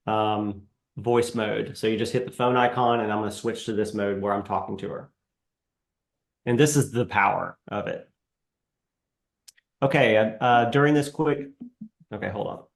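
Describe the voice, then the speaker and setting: A man hosting a live webinar, demoing software in a casual, halting way with many fillers. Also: fairly low pitch, fairly even intonation, gravelly, reverberant. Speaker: webinar host.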